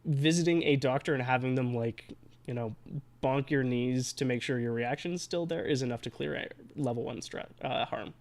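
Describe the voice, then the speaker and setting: A man's voice: mid-range voice, normal speed. A man running a tabletop role-playing game as game master, easygoing and affirming, with many fillers. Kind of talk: casual tabletop game play.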